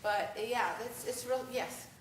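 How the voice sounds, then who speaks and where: A woman giving a lively live talk and answering audience questions, speaking conversationally to the crowd. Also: a little high, measured pace. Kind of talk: live presentation with Q&A. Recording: echoey room, mic far off, faint noise.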